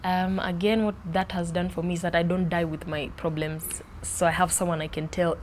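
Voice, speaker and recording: A young woman talks in a lively, expressive, casual interview manner. Her voice sits a little lower than most women's. A faint hum of noise runs behind her. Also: moderate pace. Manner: animated, expressive, playful with accents. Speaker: podcast host being interviewed.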